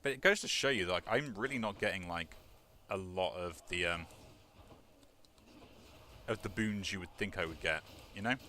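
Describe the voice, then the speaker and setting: A man with a low, bright voice talks casually over a video game. He rambles along, dropping plenty of "like" and "um". Faint noise sits behind him. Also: normal speed, long pauses. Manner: rambling, many fillers like "like" and "um". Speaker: let's play host. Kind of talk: casual gameplay commentary.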